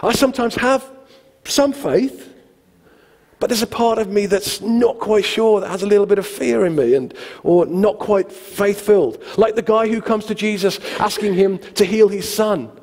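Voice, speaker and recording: A pastor with a high-pitched voice preaches a sermon at a moderate pace in a large church hall. He tells stories conversationally and animatedly, acting out the quotes.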